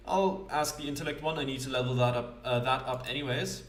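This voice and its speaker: A man's voice: mid-range voice, brisk, hardly any pauses. A man hosting a let's play, chatting casually with stammered restarts and self-deprecating apologies. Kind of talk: casual gameplay commentary. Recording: roomy sound, distant mic.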